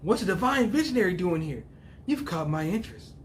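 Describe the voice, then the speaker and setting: A smug, scheming male official, read aloud by a man makes veiled threats with easy confidence. His voice is fairly high for a man, and faint noise sits underneath it. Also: lively intonation, brisk.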